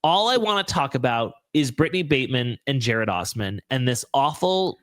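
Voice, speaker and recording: A male podcast host talks in a loose, gossipy way, full of fillers and quick asides. His pitch swings widely as he talks. The sound is close and dry, with no room around him. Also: sing-song, fairly bright tone, no room sound. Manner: chatty, lots of fillers, playful asides. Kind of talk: casual chat.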